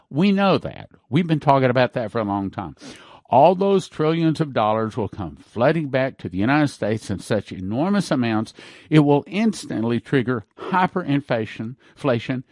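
A man preaching with fervent emphasis, his pitch leaping and dropping as he drives each point home. He repeats key words for force, and the sound is close and dry with no room around him. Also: darkish tone, no echo. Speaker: host of a prophecy broadcast. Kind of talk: preaching talk with ad reads.

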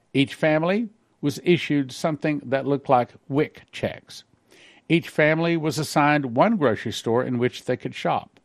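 A man pastor reading out a dream account and commenting on it in a sermon, slowing on key phrases and breaking into quick asides. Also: medium pitch, dry recording, clean studio sound. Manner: reads slowly, then comments in a quick aside.

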